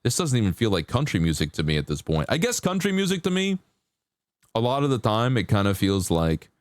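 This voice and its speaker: A man's voice: medium pitch, wildly swooping pitch, a little fast, no echo. A man chatting casually with viewers on a live stream while he paints, laid-back and chatty. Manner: laid-back, chatty, sings along to songs in a put-on country twang.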